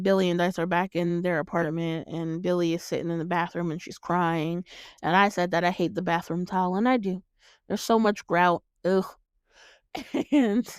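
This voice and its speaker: A woman's voice: on the low side, smooth, no room sound, studio quality. A woman hosting her own show, recapping a movie in casual chat, swearing freely, laughing often and acting out her reactions. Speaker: podcast host reviewing a film.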